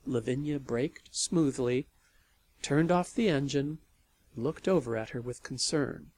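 A man narrating a novel in an expressive storytelling manner. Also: mid-range voice, a little slow, dry recording. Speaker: audiobook narrator. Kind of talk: scripted narration.

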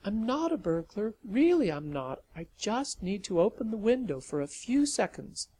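A man's voice: high-pitched, sing-song, normal speed, warm tone, voice pushed up. A man voicing a tough, sarcastic young woman who talks brashly and coaxingly.

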